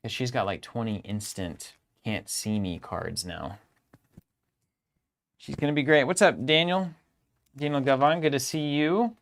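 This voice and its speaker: A man's voice: mid-range voice, unhurried, vocal fry. A young adult man co-hosting a livestream, joking around and greeting chat viewers as he chats casually. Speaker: stream co-host.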